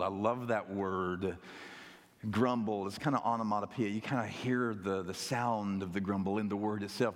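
A male pastor preaching a sermon with dramatic pauses and wry humor. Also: on the low side. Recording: echoey hall.

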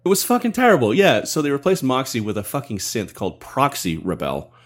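A man's voice: mid-range voice, wildly swooping pitch. A man voicing a crude, chatty male radio show host who swears freely. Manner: fast, swearing, hyped chat. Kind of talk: mock radio show banter. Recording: guitar music underneath.

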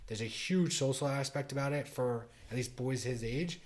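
A man's voice: mid-range voice, moderate pace. A middle-aged man co-hosting a podcast, chatting casually and rambling with many restarts and fillers. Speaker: podcast co-host. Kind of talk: casual chat.

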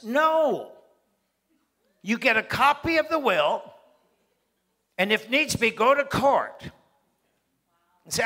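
Male pastor, bright high voice, animated sermon with acted-out scenes. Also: takes it slowly, pauses often.

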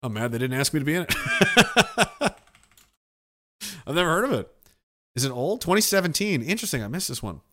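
A man's voice: a little high, very animated, brisk, long pauses, a bit bright. A man streaming and reading viewer messages, talking in a rambling, profane, self-interrupting way. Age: older.

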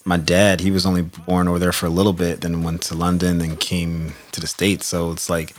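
A man chatting as a guest on a podcast, a DJ who talks in a relaxed way, full of "like" and "bro". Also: deep voice, brisk. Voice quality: relaxed, heavy use of "like" and "bro". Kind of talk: casual podcast chat.

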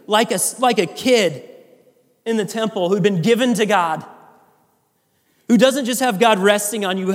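A man from Iowa preaching a sermon, earnest and conversational with frequent fillers and restarts. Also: sits high. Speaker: pastor. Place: church sanctuary. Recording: long hall reverb.

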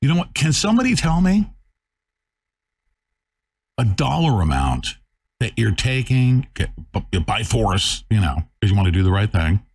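A man hosting a talk show, ranting in a fiery, combative way, swinging between loud outbursts and muttering. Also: fairly low pitch, sing-song, moderate pace, long pauses, breathy edge. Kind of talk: bombastic talk radio rant.

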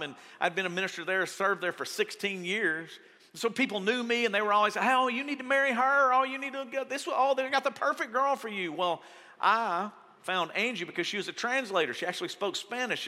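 Animated pastor in a reverberant hall. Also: male voice, high-pitched. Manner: animated, acts out quoted voices, laughs while telling stories. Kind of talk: storytelling sermon. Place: large church auditorium.

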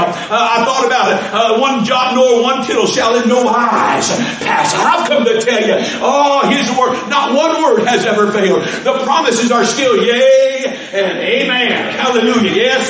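High-pitched preacher guy hollering in a super echoey church. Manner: fervent, shouting refrains, laughing between lines. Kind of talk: sermon. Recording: echoey hall from far off.

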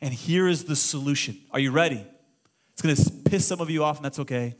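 High-voiced impassioned preacher man. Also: fairly quick. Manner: impassioned preaching, swings to shouting when quoting prayers. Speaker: pastor. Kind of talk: sermon.

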